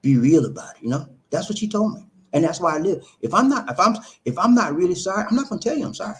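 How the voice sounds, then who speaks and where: A man hosting a live stream, his speech swinging widely up and down as he preaches casual relationship advice. He repeats his points for emphasis and keeps turning to greet and answer his viewers. His voice sits a little high for a man. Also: fast talker. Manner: animated and repetitive, preachy, addresses viewers directly. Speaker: live show host reading viewer comments. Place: living in the Philippines.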